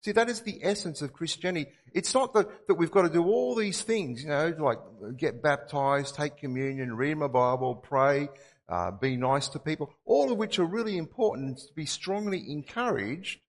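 A man's voice: fairly high pitch, expressive, moderate pace, long reverb tail. A man preaching a sermon, earnest and repeating his key phrases for emphasis. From Australia.

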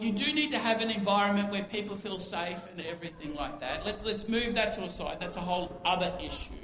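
A man's voice: extremely high pitch, pushed and bright, slight background noise. A man preaching a sermon as a pastor, conversational, asking rhetorical questions and acting out quoted speech. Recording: echoey room with faint ambience.

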